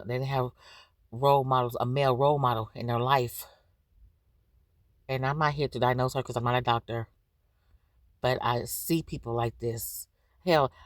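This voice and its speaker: A woman with a low voice hosts a reaction video. She talks in blunt, profane, animated bursts of gossip. The recording is dry and close, with no room sound. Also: no echo. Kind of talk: casual commentary, reaction video.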